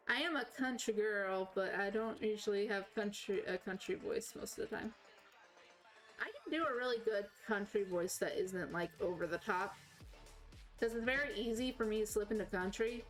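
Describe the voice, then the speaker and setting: A woman's voice: medium pitch, low-quality recording. A woman with a slight Southern US accent, chatting casually and rambling as a game streamer. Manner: rambling, self-correcting, chatty. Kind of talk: casual chat while playing.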